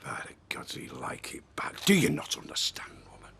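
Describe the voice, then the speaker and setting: An actor playing a jealous pub landlord, suspicious and accusing, in a television soap drama. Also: male voice, high voice, animated, normal speed, creaky, pushed and bright, exaggerated voice. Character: jealous, grumbling older male pub landlord.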